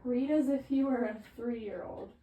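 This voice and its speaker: A woman's voice: on the high side, a little slow, narrow, tinny audio. A woman casually coaching someone to read aloud in different voices, encouraging, with frequent fillers. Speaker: reading coach. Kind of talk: giving reading instructions. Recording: echoey room with faint ambient noise.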